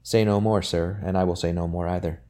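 A man doing a fretful young gentleman. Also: sits low, steady tone, fairly quick, lightly acted. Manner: fretful, complaining.

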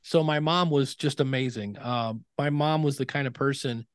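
A middle-aged man talks as a guest in a casual interview. He tells stories with energy and slips into the voices of people he quotes. His voice sits at a middle pitch, and the recording is dry and close. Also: moderate pace, clean tone, dry recording. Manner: animated storyteller who acts out quoted dialogue. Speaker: podcasting expert guest.

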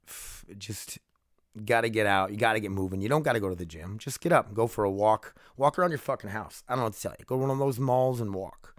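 Rambling, low-voiced podcast host, a man. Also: fairly bright tone, dry recording, studio quality. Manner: rambling, profane, self-deprecating. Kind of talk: casual solo podcast chat.

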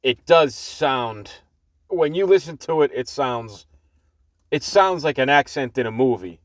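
A man with a strong Boston accent talks off the cuff in a solo podcast, rambling, restarting and swearing bluntly. His voice sits at an ordinary middle pitch. The sound is dry and close, caught on an earbud mic inside a parked car. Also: lively intonation, a little slow, no echo. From Boston, Massachusetts. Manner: rambling, many fillers and restarts, blunt and profane. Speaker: podcast host.

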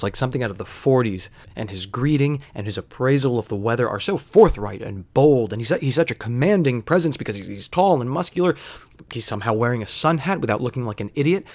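A young man telling a personal story in a wry, deadpan, conversational way. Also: medium pitch.

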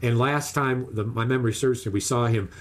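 A man casually telling a long, animated fishing story, acting out the other people's lines in raised voices. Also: medium pitch, a little fast, a little hiss or hum.

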